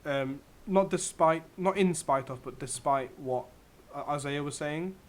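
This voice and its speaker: Excitable young man reviewing a show. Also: a little high, measured pace. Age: young adult. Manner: enthusiastic, self-correcting, chatty. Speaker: co-host reviewing a TV series. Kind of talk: casual chat.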